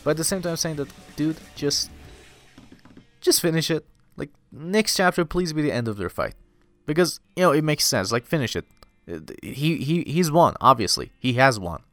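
A man's voice: a little high, big pitch swings, moderate pace, a bit bright, no echo. A man casually recapping a manga chapter, loose and rambling, full of fillers and "dude".

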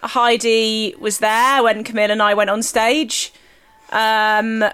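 A woman's voice: a little high, level tone, slow pace, bright, forceful tone, clean tone. A woman in her thirties, co-hosting a podcast in a rambling, chatty way with many fillers. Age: 30s. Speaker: podcast co-host. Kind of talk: casual chat.

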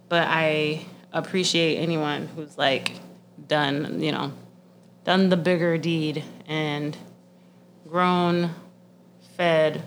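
A woman's voice: low voice, slight background noise. A young woman chatting casually and bluntly, swearing often and laughing a lot. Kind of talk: casual profane chat.

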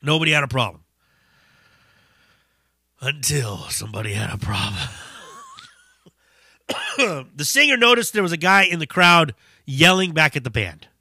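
A man hosting a podcast, telling a story in a casual, profane, animated way. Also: on the high side, measured pace, pauses often, no room sound, clean studio sound. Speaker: podcast host.

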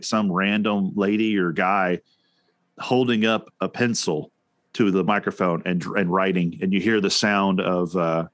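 Guy with a really deep voice chatting loosely, lots of uh and like, dry close mic. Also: no room sound. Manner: rambling, many restarts and fillers. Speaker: podcast co-host. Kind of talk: casual chat.

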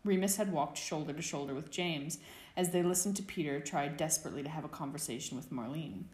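Woman narrating a story, low voice, steady expressive reading, echoey room. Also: quick pace. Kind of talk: fan fiction audiobook narration.

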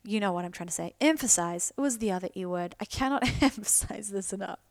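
A woman's voice: mid-range voice, quick pace, no echo, studio quality. A woman hosting a solo podcast, talking candidly and casually, swearing freely and slipping in self-mocking asides. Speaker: podcast host.

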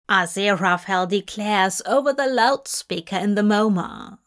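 A woman reading fanfiction aloud as an audiobook, in measured, gently expressive storytelling. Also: mid-range voice. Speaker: fanfiction reader.

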